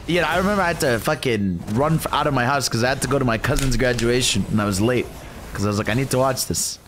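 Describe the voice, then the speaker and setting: A young man hosting a casual stream, reacting excitedly to game presentations, laughing and swearing. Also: mid-range voice, fast, background noise. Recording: music from the video behind.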